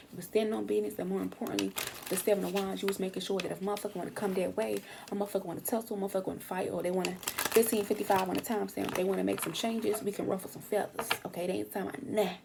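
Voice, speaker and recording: A woman's voice: mid-range voice, creaky, warm tone, slight background noise. A young woman giving a casual tarot reading, brash and slangy, swearing freely and acting out what other people say. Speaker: tarot reader.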